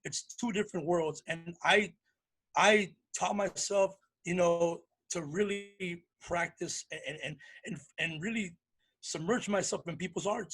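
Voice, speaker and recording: A male comedian with a high, husky voice tells stories in a relaxed interview. He is animated and lively, jumping into the voices of the people in his stories. His talk is loose and conversational. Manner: animated, acts out voices in anecdotes. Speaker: comedian guest. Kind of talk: casual storytelling interview.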